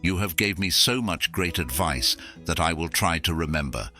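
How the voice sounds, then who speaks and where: A man's voice: low voice, lively intonation, moderate pace, pushed and bright. A man in a comedy sketch who talks in a sarcastic, exasperated way. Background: faint music.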